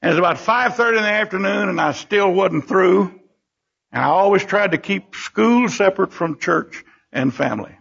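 An older man preaching a sermon in a church. He tells personal stories and bursts into animated exclamations. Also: sits high, normal speed, gravelly, husky. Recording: dull lo-fi recording.

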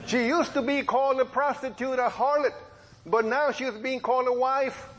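A middle-aged man, a preacher and police officer, telling a testimony in a sermon as a folksy story with lively quoted dialogue. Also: extremely high pitch, normal speed, rough recording.

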